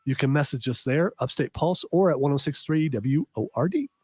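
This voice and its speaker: A man hosting a live talk radio show, reading news out loud and joking, stumbling over long names. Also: a little high, lively intonation, brisk, a little hiss or hum. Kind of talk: casual live radio chat.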